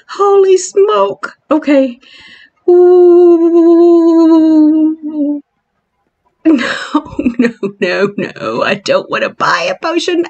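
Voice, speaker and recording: A woman's voice: sits high, vocal fry. Giggly woman narrating a spooky game tour. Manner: giggly, excitable, squeals of mock fright; chatty, laughs at her own jokes. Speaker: video game island tour vlogger. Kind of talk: casual gameplay commentary.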